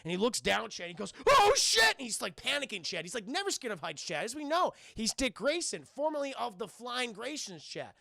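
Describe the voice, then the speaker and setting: A man recapping a cartoon episode live to his stream chat, excitable and profane, constantly addressing the chat. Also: extremely high pitch, brisk, gravelly, hardly any pauses, dry recording, studio quality. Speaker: streamer and reviewer.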